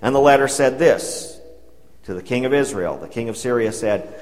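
A man's voice: mid-range voice, lively intonation, moderate pace, a little mellow. A man preaching a sermon, retelling a Bible story in a conversational way and paraphrasing the dialogue. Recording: long hall reverb.

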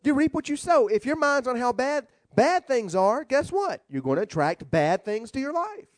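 Brief: male rabbi, funny storytelling sermon, very expressive swooping delivery. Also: extremely high pitch, moderate pace, no echo. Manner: animated, humorous storytelling preaching.

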